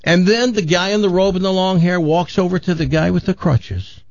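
A man's voice: high-pitched, fairly quick, gravelly, no room sound. A man on the radio telling a long joke, acting out each character as he goes. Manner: animated storyteller, acts out characters. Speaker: radio host. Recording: dull radio broadcast.

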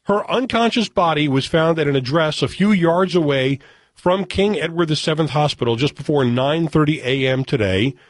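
A man's voice: on the high side, moderate pace, dry recording. A man hosting a radio talk show, chatting casually in a wry way and reading news items aloud.

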